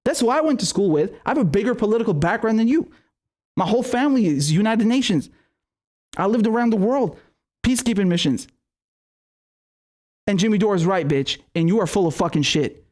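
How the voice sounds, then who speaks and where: A man's voice: sits high, lively intonation, fairly quick, pauses often, a little mellow. A man hosting a live-streamed political commentary show, ranting in a heated, profane way.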